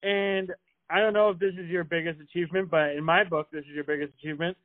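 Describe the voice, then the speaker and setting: A man in his thirties hosts a casual podcast interview, enthusiastic and laughing easily. His voice is high for a man. It sounds thin and phone-like. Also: fairly even intonation, fast. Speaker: podcast host. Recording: tinny phone-like line.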